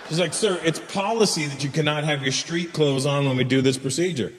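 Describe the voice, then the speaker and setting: A man's voice: a little high, fairly quick, few pauses, noisy background. A man doing a stand-up comedy set, telling a crude story and acting out both sides of the dialogue. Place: large live venue with laughing audience. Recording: roomy echoing hall, faint ambience.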